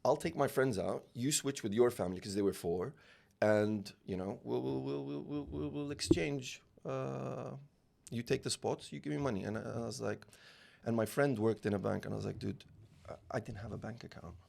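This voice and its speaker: A man's voice: mid-range voice, moderate pace, vocal fry. A man in his forties, raised in the UAE, telling a story as a podcast guest and acting out the dialogue, often restarting his sentences. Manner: animated anecdotes, acting out dialogue, many restarts. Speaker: real estate founder, guest. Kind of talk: storytelling interview.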